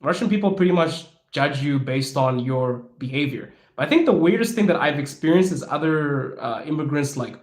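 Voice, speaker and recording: Frank, animated man in an echoey room. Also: on the high side, normal speed. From Africa. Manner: frank, animated, laughs often. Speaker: podcast host. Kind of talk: casual Q&A talk.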